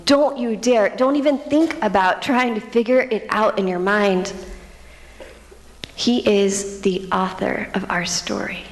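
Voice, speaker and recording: A young woman giving a personal testimony in a church, speaking earnestly and often dropping to a hushed near-whisper. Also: mid-range voice, a little slow. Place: church sanctuary. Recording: reverberant church hall.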